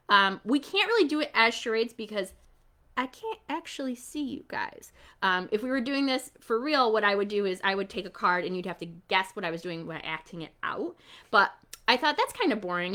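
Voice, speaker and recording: A woman hosting a children's storytime online, animated and coaxing as she talks straight to the kids. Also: mid-range voice.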